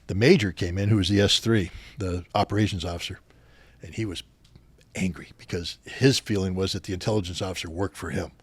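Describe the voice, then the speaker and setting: Middle-aged male guest, low voice, dry close sound, animated storyteller who gets louder at the clashes. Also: a little fast, husky, dry recording. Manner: animated anecdotes, louder when retelling confrontations. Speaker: podcast guest. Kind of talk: storytelling interview.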